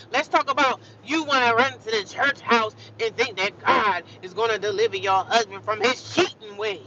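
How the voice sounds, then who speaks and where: A woman's voice: fairly high pitch, bright, forceful tone, highs cut off, a little hiss or hum. A woman ranting on a live stream, emphatic and fiery, repeating and drawing out her phrases. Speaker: livestreamer.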